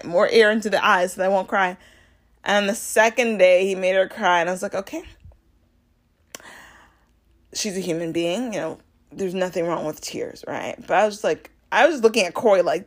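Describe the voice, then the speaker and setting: Talking a little fast into a home podcast mic, a young woman runs her own laid-back solo podcast. She chats animatedly with plenty of fillers and self-corrections, and her acted-out reactions jump sharply in pitch.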